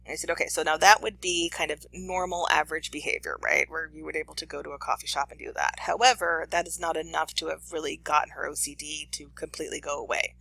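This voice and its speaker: A professor talks through a case in a lecture, slipping into the voices of the people involved. The tone is bright and forward, with a gravelly edge running through it. The delivery is animated and storytelling-driven. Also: mid-range voice, low-quality recording.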